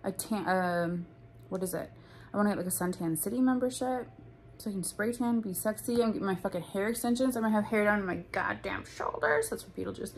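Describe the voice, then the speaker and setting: A young woman rambles to her phone camera in a casual vlog, blunt and full of swearing, with filler words everywhere. Her pitch sits in an ordinary middle range for a woman. A faint hiss runs under the recording. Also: a little fast. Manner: blunt, profane, chatty, lots of "like". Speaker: vlogger.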